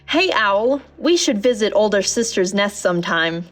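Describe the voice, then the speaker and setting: A woman voicing an eager young male chickadee in a storybook reading, chirpy and excited. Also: mid-range voice, moderate pace, soft background music, close to an everyday voice. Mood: chatty.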